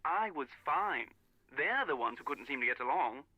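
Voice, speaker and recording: A man's voice: medium pitch, animated, moderate pace, over a noisy crowd. An actor playing a stiff, disdainful man speaking over a phone line in a mystery game. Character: prim, haughty middle-aged man on phone. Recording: muffled phone call in game.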